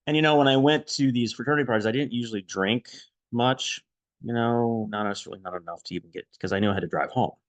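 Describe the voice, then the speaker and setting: A man casually recalling a friendship, quiet and reflective, halting with many restarts and fillers, audibly emotional. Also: medium pitch, no room sound. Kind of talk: casual personal storytelling.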